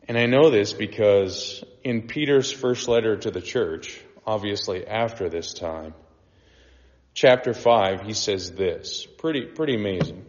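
A man's voice: animated, measured pace. Man preaching in a reverberant church. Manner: swings between hushed, low intimate passages and rising, impassioned exhortation. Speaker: pastor. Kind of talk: sermon. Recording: dull sound with long reverb of a church hall.

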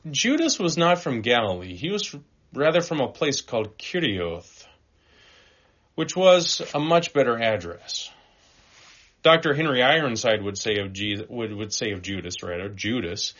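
A man preaching a sermon, animated, swinging between loud emphatic phrases and quiet, slowed lines. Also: mid-range voice. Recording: dull, lo-fi sound.

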